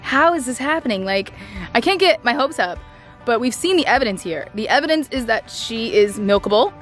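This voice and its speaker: A young woman vlogging on her farm, chatting excitedly to the camera and her animals with lots of "like" and "I don't know". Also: a little high, brisk, soft background music. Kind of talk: casual vlog chat to camera. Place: outdoors on a farm pasture.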